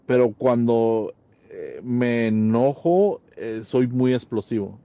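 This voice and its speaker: A man with a mellow, dark-toned voice talks hesitantly on a podcast. He pauses and repeats words, using fillers often. The sound is a little dull and lo-fi. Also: mid-range voice, lively intonation, no room sound. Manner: hesitant, with many fillers and repetitions. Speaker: podcast co-host. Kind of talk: casual bilingual conversation.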